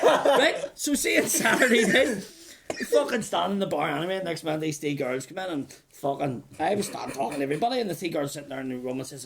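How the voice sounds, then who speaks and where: A man's voice: on the high side, animated, fast talker, vocal fry, a crowd in the background. A man in his forties, a comedian, telling swearing, laughing stories in casual banter with friends. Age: 40s. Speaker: comedian, podcast host.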